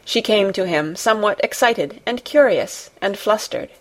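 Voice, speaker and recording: A woman reading a classic novel aloud as an audiobook, in a measured, gently expressive narration. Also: medium pitch. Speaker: audiobook reader. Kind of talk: scripted narration.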